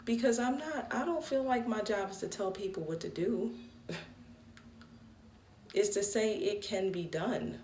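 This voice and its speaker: A woman's voice: mid-range voice, measured pace, pauses often, a little hiss or hum. Laughing woman telling a story in a roomy space. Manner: laughs often, animated self-talk. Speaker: vlogger. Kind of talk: casual storytelling monologue. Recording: roomy echo, a bit distant from the mic.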